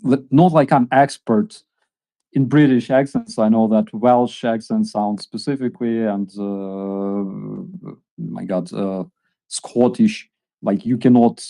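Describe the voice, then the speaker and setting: A man on a roundtable panel, talking in a halting way with many fillers. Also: fairly low pitch, fairly even intonation, gravelly, mellow. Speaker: regular panelist. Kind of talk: casual roundtable chat.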